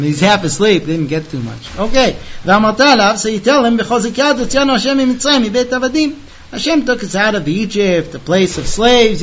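High-pitched guy teaching a text, rattles off the hebrew then explains it, muffled lo-fi sound. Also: fairly bright tone, slight background noise. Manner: chants the Hebrew quickly, then explains it in plain talk; emphatic, talks straight to the listener. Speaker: Torah teacher.

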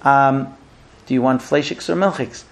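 A man voicing an indecisive young wife who asks question after question in a soft, fretful way. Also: mid-range voice, normal speed, vocal fry, close to an everyday voice.

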